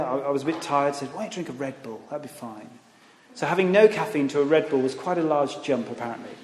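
A man preaching a sermon in a church, animated, with conversational asides and rising emphasis. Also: on the high side. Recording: echoey hall, long reverb.

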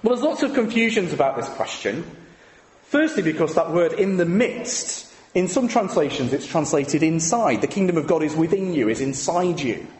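A man with a fairly high, expressive, darkish voice preaches a little fast in a church. He talks conversationally and asks the congregation rhetorical tag questions, his words echoing through a hall with long reverb.

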